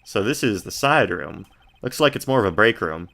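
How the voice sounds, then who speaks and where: A man's voice: animated, normal speed, gravelly, bright, forceful tone. A man streaming a game, reading the game text aloud in a casual, laid-back way, often murmuring his asides. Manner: laid-back, reads descriptions in a low murmur.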